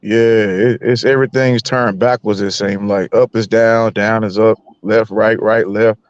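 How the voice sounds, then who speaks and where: Animated man in casual chat. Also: unhurried, no room sound, muffled recording. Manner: animated, laughing, rises high when riled.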